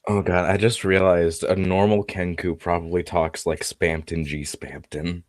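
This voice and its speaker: Very deep, slow-talking guy. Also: flat delivery, no room sound, studio quality. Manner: laughs often, stammers and restarts, swears. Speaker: player on a tabletop game stream. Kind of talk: casual chat.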